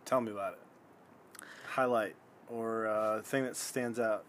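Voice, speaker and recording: A man's voice: on the low side, steady tone, a little slow, a bit bright. A man hosting a podcast who chimes in with short joking remarks. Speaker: podcast host. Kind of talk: casual chat.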